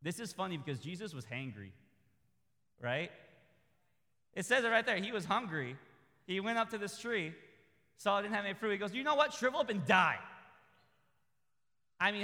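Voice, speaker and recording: A man preaching a sermon in a conversational, humorous way that builds to loud, high peaks. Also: lively intonation, fairly quick, pauses often, in a large hall.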